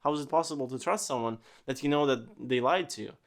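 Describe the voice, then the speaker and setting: A man's voice: medium pitch, fast. A man hosting a casual solo podcast, rambling with lots of fillers and swearing freely. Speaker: podcast host.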